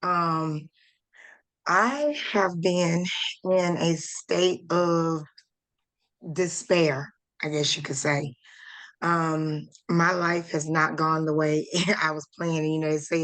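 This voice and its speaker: A woman speaks slowly and from the heart, close to tears, her voice sitting a little low. She pauses often and searches for words as she talks over a video call. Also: fairly even intonation, fairly bright tone. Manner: slow, heartfelt, halting with fillers. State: holding back tears. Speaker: course participant. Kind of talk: emotional testimony on a group call.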